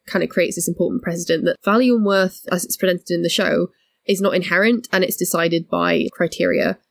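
A woman co-hosts a podcast, working through ideas slowly and analytically. Her fairly low voice has a strong gravelly fry, and the recording is close and dry. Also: no echo. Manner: thoughtful, analytical, builds points slowly. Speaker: podcast co-host. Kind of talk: casual podcast discussion.

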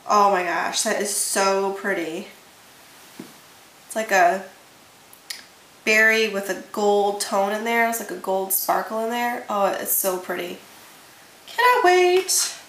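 A young beauty vlogger gushes enthusiastically about makeup she bought, repeating words for emphasis in a casual haul chat. Her fairly high voice sounds pushed and bright, in an echoey room with faint hiss.

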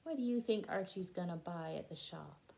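This children's read-aloud features a woman whose lowish voice is creaky and a little mellow, with lively intonation at normal speed. She patiently pauses the picture book to explain word meanings to the kids listening.

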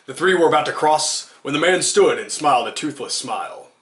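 A man's voice: fairly high pitch, expressive, a little fast, fairly bright tone. A man reading an absurd comic story aloud, amused and giggling through it. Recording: roomy echo.

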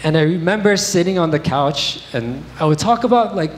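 In a church sanctuary, a young man preaches a sermon in a candid, conversational way, sharing personal stories with casual fillers. His fairly high voice is animated and a little fast, and the echoey hall carries faint noise.

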